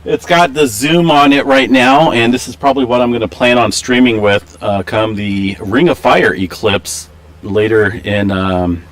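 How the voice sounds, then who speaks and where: A man hosting a casual live stream, chatting in a relaxed, rambling way with lots of fillers, through a camera microphone. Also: medium pitch, measured pace.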